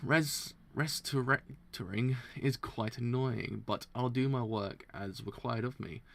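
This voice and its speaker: A man reading a manga aloud for a live reaction, often tripping over words and restarting, excitable and quick to laugh. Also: mid-range voice, creaky.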